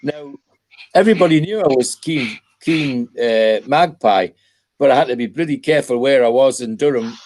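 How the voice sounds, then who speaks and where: A man's voice: medium pitch, normal speed, a little mellow, no echo. An older man from North East England in casual chat, telling rambling anecdotes with chuckles and restarts. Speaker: podcast panelist.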